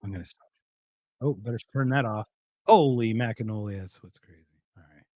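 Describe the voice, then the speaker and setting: A man's voice: lowish voice, a little fast, darkish tone, dry recording, lo-fi sound. A man hosting a podcast, ranting and joking in casual, profane chat. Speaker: podcast host.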